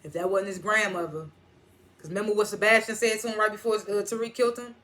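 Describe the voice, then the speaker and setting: A TV reviewer giving a loose, animated recap of an episode, quoting characters along the way. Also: medium pitch, quick pace. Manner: animated, loose retelling that quotes characters and laughs often.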